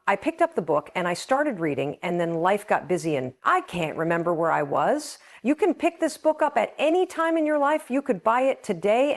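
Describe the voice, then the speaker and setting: A middle-aged woman hosting a podcast, talking earnestly and with emotion about something that moves her. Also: mid-range voice. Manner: earnest, emotional, reads passages aloud. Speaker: podcast host. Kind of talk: heartfelt podcast monologue.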